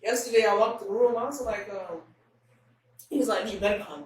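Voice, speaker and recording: A woman guest speaking candidly and emotionally in an interview, halting and restarting often. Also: a little high. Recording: roomy echo, distant mic, faint room noise.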